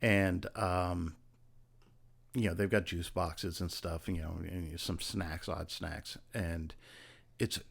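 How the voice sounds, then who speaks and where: Guest actor, male, very deep voice, soft-spoken storyteller with a salty edge. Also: slow pace, creaky. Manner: soft-spoken, relaxed anecdotal delivery; profane, punchy story-telling. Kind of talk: casual storytelling interview.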